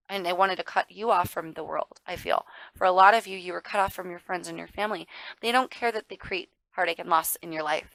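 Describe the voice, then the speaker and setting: A woman's voice: fairly low pitch, gravelly, fairly bright tone, dry recording, rough recording. A woman giving a casual tarot reading to viewers. She talks emphatically, calls the listener darling and baby, swears now and then, and gets worked up. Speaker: tarot reader.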